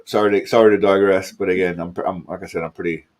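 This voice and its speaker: A man's voice: sits low, fairly even intonation, fast, darkish tone. Man, live stream host, tipsy, rambling, swears, restarts lines. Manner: rambling, profane, repeats himself. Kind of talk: casual live stream chat.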